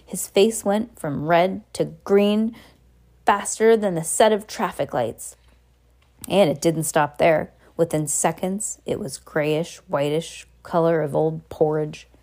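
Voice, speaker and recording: A woman's voice: low voice, slow. Young woman reading a story aloud. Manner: relaxed, chatty, with playful comments. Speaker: reader. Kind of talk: casual read-aloud of a novel with chatty asides.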